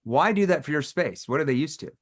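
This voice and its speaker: A man's voice: fairly high pitch, fast. A man running a live sales training session, talking to the audience and acting out phone calls in playful voices. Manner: animated, acts out phone calls with playful tones.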